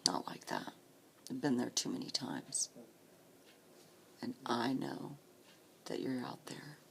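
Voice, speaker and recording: A woman in her late forties speaking slowly and softly in a personal vlog, often close to a whisper, holding back tears. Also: very deep voice, sing-song, gravelly. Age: 40s. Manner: slow, soft-spoken, often near a whisper, earnest. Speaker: vlogger.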